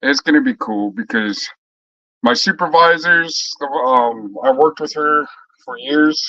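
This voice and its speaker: A man's voice: fairly high pitch, lively intonation, unhurried, bright, forceful tone, no echo, dull audio. A man chatting casually with his viewers in a loose, rambling way, swearing freely and trailing off into fillers and restarts.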